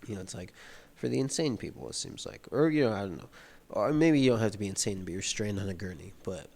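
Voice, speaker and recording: A man with a lowish voice and vocal fry reads a novel aloud, then loosely explains the passages in casual read-along commentary. He talks in a relaxed way, full of "like" fillers.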